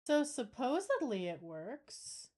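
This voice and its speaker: A woman's voice: a little high, sing-song, slow pace, warm tone. A woman streamer chatting casually with her viewers, swearing now and then as she fixes her audio setup. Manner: chatty, swears, talks to chat while troubleshooting. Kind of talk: casual live-stream chat.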